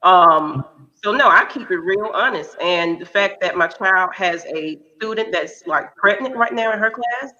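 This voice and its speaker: A woman's voice: medium pitch, a little slow, bright, forceful tone. A woman in her thirties, a podcast co-host talking frankly and candidly in casual chat. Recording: dull lo-fi recording.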